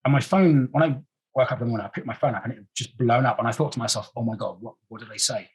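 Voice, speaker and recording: A man with a very husky, raspy voice at a middle pitch talks as a podcast guest. He is earnest and emotional and often stumbles and repeats himself as he goes. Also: very fast, low-quality recording. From England. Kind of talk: casual interview talk.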